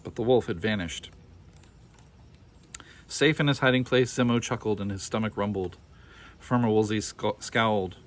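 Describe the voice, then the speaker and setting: A man's voice: fairly low pitch, moderate pace, pauses often. Man reading a storybook aloud, expressively. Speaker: storybook reader. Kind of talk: reading a picture book aloud.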